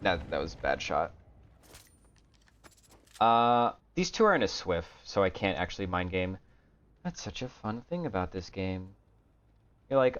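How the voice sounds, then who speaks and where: A man streaming a game, talking to himself in a low-energy, grumbling way and swearing often. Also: very animated, a little slow, pauses often, fairly bright tone. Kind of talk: casual gameplay commentary. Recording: dull lo-fi stream audio.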